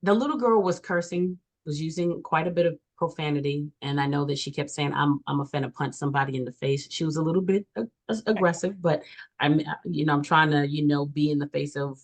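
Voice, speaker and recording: A woman's voice: sits low, fairly quick. A woman co-host in a casual panel chat, choosing her words carefully. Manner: thoughtful, searches for words.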